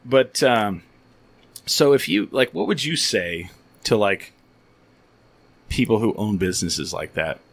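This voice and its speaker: Rambling, swearing man with a low voice. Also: expressive, takes it slowly, vocal fry, pauses often, fairly bright tone. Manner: rambling storyteller with many restarts, swears freely. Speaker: podcast host. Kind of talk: casual chat.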